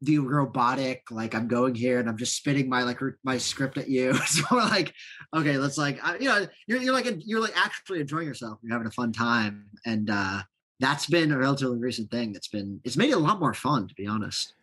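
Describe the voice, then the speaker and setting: Male guest, 30s, husky mid voice, laid-back rambling delivery. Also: mid-range voice, brisk. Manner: relaxed and rambling, many fillers. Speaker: coaching client and guest. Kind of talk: casual podcast interview.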